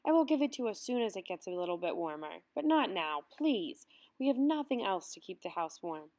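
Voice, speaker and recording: A woman's voice: medium pitch, big pitch swings, brisk, a little mellow. A woman reading aloud, voicing a desperate mother who pleads tearfully for her children in a storybook reading. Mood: pleading. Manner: pleading, tearful, rising to outcry.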